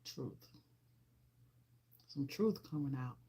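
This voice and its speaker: Creaky and lowish, this woman's voice moves at a measured pace through a casual livestream chat. The vlogger greets viewers by name and talks emotionally and sincerely, frequently repeating herself.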